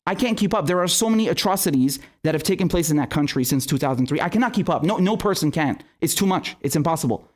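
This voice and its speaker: A man's voice: fairly high pitch, animated, fast talker, few pauses. A young man hosting a political livestream, ranting angrily with heavy swearing and stammered restarts, and reading viewer messages aloud. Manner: furious, profane ranting with frequent stammered restarts; reads viewer super chats aloud. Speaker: political commentary show host. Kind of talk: angry livestream commentary.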